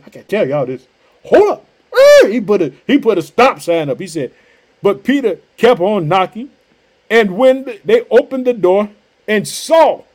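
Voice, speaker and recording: Male preacher, high register, exclamatory, repeats his hooks and hallelujahs, reads scripture aloud. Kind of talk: energetic sermon with scripture reading.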